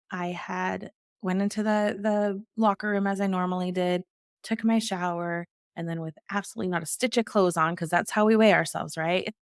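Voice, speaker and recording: A woman's voice: medium pitch, clean tone, no echo, studio quality. A middle-aged woman, a guest in an interview, telling her personal story earnestly and acting out the dialogue she quotes.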